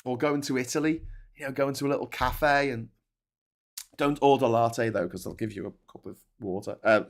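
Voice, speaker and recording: A man's voice: mid-range voice, normal speed. British guy rambling on his live stream, stops and restarts a lot, swears now and then. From Britain. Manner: rambling, many restarts and asides, swears casually. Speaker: host of a live stream show. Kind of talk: casual live-stream chat.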